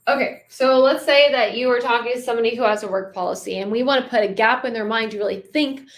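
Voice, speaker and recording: A young adult woman coaching sales in a casual, conversational way, slowing down and pausing to stress key words. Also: on the high side. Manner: conversational, slows down and pauses for emphasis. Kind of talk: casual teaching with spoken sales examples.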